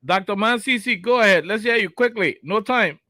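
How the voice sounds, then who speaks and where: A man hosting a call-in radio show, briskly hurrying callers along. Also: high voice, pushed and bright, no room sound, clean studio sound. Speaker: radio host.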